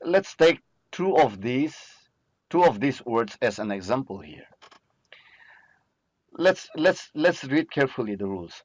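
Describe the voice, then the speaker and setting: A man's voice: mid-range voice, big pitch swings, dry recording. A man teaching a recorded lesson, patiently asking questions and answering them himself. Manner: slow, patient, asks and answers own questions. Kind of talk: recorded lecture. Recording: dry, muffled lo-fi voice recording.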